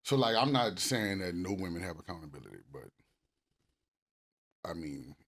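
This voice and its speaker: A man co-hosting a couples podcast, talking casually and cursing freely, getting loud and animated when he acts out arguments. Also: low voice, normal speed. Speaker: podcast co-host.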